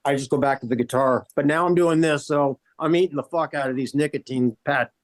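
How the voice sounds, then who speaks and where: A man's voice: fairly high pitch, brisk. Loose, swearing middle-aged man. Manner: chewing nicotine pouches while talking. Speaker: guest guitarist. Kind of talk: casual interview chat.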